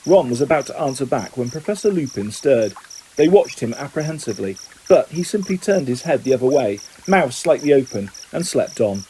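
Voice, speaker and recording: A man reading a novel aloud at a steady pace, raising his voice slightly for the characters' lines. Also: brisk, slight background noise, poor audio. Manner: reads steadily, lifting pitch for quoted lines. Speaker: audiobook reader. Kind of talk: scripted narration.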